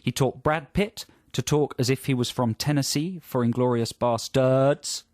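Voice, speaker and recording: A man's voice: medium pitch, moderate pace, darkish tone, dry recording. A man co-hosting a casual radio chat in a studio, jokily reading from an article. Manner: jokey, reads out from an article. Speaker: radio co-host. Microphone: studio microphone.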